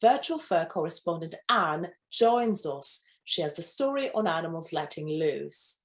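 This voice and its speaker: A woman's voice: expressive, measured pace. A woman hosting a playful pet news show, reading stories and breaking into campy, gushing asides. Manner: campy, gushing asides with sudden high squeals. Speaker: news host.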